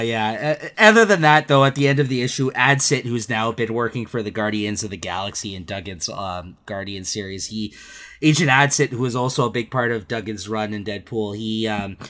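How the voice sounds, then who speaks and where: A man's voice: mid-range voice, a bit bright. A man co-hosting a casual podcast, retelling comic scenes with lots of laughter and filler words. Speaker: podcast co-host. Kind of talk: casual comic book chat.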